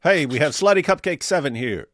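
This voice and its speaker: A man's voice: mid-range voice, dry recording, studio quality. A man co-hosting a casual livestream, reading viewer chat aloud with sardonic humor. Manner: sardonic, mock voices for quoted viewers.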